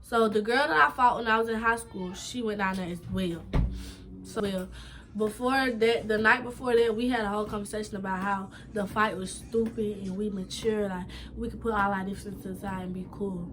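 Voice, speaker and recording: A young woman vlogger telling a story from her own life in an animated, emphatic and slangy way. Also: mid-range voice, moderate pace, noisy background. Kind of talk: story time vlog.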